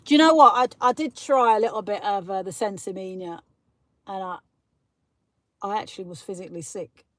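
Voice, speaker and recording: A woman's voice: medium pitch, a little fast, dry recording. A British woman hosting a casual live stream, chatting and ranting as she answers viewer comments. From Britain. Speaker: livestream host.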